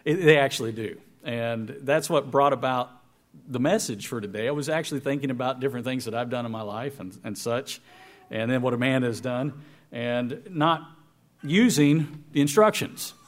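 A man in his forties preaching to a congregation, telling a folksy, self-deprecating story with animated delivery. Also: mid-range voice, moderate pace. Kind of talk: storytelling sermon. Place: church hall with congregation.

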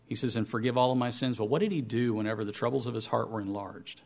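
A man preaching a sermon, reading scripture aloud with emphasis and dropping to quiet, low asides to explain it. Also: fast, vocal fry, few pauses.

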